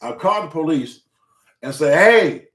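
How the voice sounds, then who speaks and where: At a moderate pace, the high-pitched host of a casual talk show recounts a neighborhood story, cursing freely and stressing every point with animated emphasis. He's far from the mic, and the space around him has a roomy echo.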